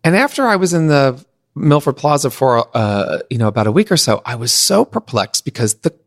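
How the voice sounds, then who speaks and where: A middle-aged man from Pennsylvania, a guest on a podcast, telling a long anecdote in an animated way and acting out what others said. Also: medium pitch, fairly quick. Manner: animated, acts out others' lines in shifting voices. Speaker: podcast guest, event designer. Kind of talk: anecdotal storytelling in conversation.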